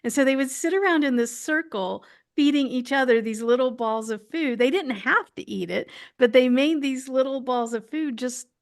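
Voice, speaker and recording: A woman's voice: sits high, moderate pace, few pauses. A woman who hosts the show and works as a hypnotherapy practitioner, chatting loosely with fillers. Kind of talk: casual group talk.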